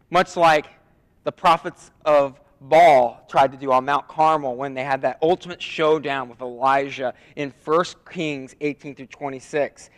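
A man preaching a sermon as pastor, dramatic, dropping to a hush and rising loud as he reads scripture. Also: fairly high pitch. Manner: dramatic, swings from hushed to loud when reading scripture. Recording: long reverb of a hall.

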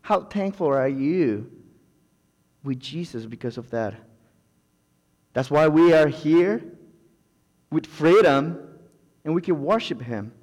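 A man delivers a sermon with fervent, repetitive thanks and calls of amen, in English that is not his first language. His delivery is slow and unhurried. A long reverb from the church hall trails each phrase. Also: fairly high pitch, lively intonation, darkish tone. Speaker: preacher.

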